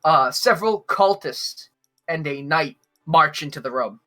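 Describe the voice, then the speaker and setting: A man's voice: fairly high pitch, animated, a little slow, bright, forceful tone, soft background music. A man narrating as game master of a tabletop game, casual and full of fillers.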